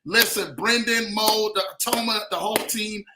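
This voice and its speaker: Pumped up guy hosting a live stream, high bright voice, echoey room. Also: moderate pace, background noise. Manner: hyped, repeats phrases, calls out viewers. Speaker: host. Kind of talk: upbeat livestream talk. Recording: roomy echo.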